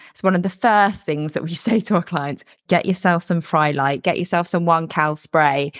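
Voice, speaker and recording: A woman gives steady advice as a fitness coach on a relaxed podcast chat. Her voice sits fairly low. The recording is close and dry. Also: no echo. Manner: steady, advising.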